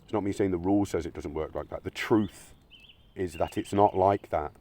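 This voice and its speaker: A man's voice: sits low, moderate pace, mellow. A man giving a blunt, argumentative monologue, swearing often. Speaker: channel host. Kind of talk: opinionated monologue.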